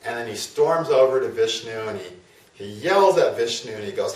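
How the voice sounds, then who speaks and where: A man's voice: medium pitch, expressive, moderate pace. A man, an astrologer, retelling a myth in a chatty, casual lecture full of fillers and tag questions. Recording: roomy, from a distance.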